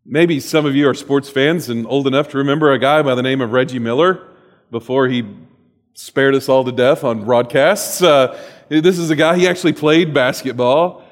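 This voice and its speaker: A man preaching a sermon as a pastor, animated and humorous, with sudden loud bursts and soft asides. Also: medium pitch, normal speed, in a large hall.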